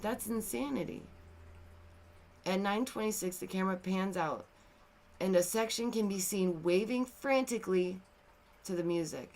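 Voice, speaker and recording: A woman hosting a casual commentary video, animated and exasperated, swinging between loud outbursts and quiet, somber asides. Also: mid-range voice.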